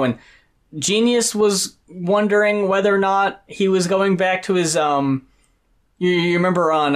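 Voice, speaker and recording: Profane, casual man reviewing albums. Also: high voice. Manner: loose and profane, lots of fillers. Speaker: podcast co-host. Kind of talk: casual music review chat.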